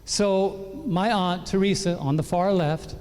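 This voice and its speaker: His voice is high-pitched and slow, with slight background noise around it. Delivering a sermon-style testimony in an echoey large hall, the pastor raises his voice slightly, letting it echo long, and brings the story to life by voicing his relatives' lines.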